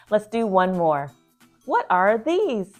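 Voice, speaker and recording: A woman's voice: mid-range voice, big pitch swings, extremely slow. A woman teaching toddlers, reading a picture book aloud in an enthusiastic, sing-song, encouraging way. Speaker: preschool teacher. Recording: roomy sound, mic at a distance, faint music.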